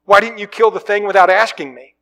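A frightened ghost man pleads and stammers, his voice pushed high and loud, as a preacher acts him out. He sounds whiny and cornered, fumbling over his words. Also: steady tone, fairly quick. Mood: accusing.

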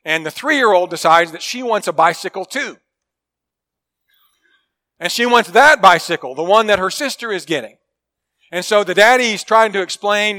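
A male preacher delivers a sermon in a high-pitched, bright voice. He talks earnestly and with emphasis, leaning on key phrases. He often sinks into quiet, intimate tones. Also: lively intonation, moderate pace, long pauses. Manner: earnest, emphatic preaching with dramatic drops to a hush; acts out quoted people in a story.

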